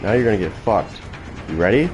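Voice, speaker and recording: A man's voice: on the low side, lively intonation, fairly quick, noisy background. A man giving profane, trash-talking commentary while playing a video game, taunting opponents. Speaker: gaming channel host. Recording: loud game sounds behind.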